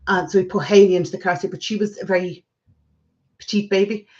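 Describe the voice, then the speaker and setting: A woman's voice: mid-range voice, quick pace. Chatty Irish woman in her forties. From Ireland. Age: 40s. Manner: chatty storytelling, lively retelling. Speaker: vlogger. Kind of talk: casual chat. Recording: slightly dull lo-fi sound.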